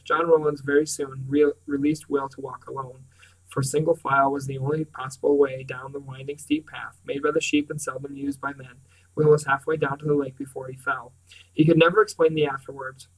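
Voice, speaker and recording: Man reading a novel, flat and distant. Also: on the high side. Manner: measured, with frequent throat clearing and restarts. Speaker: reader. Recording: distant mic.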